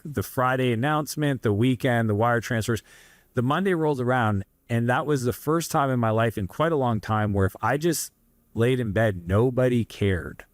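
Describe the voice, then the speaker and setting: A Canadian entrepreneur in his thirties, appearing as an interview guest, tells his story earnestly and ramblingly, full of asides. His voice is mid-range, with no room sound.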